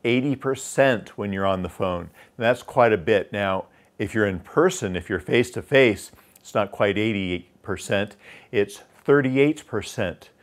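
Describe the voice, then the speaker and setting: A man with a lowish voice gives a sales training lesson. He talks in an instructive way, slowing down to stress key phrases and letting his pitch drop to show how a commanding voice sounds. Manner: demonstrates tonality with dropping pitch, slow emphatic phrases. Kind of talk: instructional talk.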